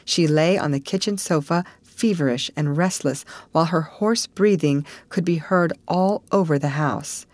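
A woman narrating a classic novel in a measured storytelling manner. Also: deep voice, darkish tone, no echo. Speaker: audiobook narrator. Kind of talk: scripted narration.

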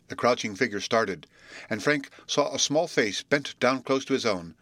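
A man calmly reading a chapter of an adventure book aloud as an audiobook narrator. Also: mid-range voice, moderate pace, no echo. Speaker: audiobook reader. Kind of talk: storybook narration.

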